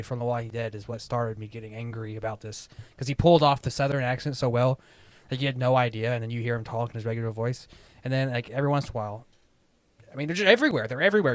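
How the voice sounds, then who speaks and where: A man co-hosting a podcast, chatting casually and getting worked up into quick rants. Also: medium pitch, no room sound. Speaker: podcast co-host. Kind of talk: casual chat.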